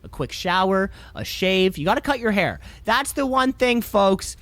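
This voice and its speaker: A man's voice: high voice, big pitch swings, moderate pace, a bit bright, dry recording. A man co-hosting a podcast in casual chat, rambling and joking sarcastically. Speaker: podcast co-host.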